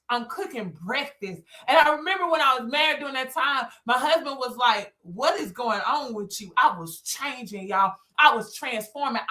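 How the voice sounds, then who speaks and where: A woman's voice: high voice, pushed and bright. A woman, telling her story as a motivational talk to viewers, emphatic and repeating phrases for effect. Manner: emphatic, repeats phrases, addresses listeners as y'all. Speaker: business coach and speaker.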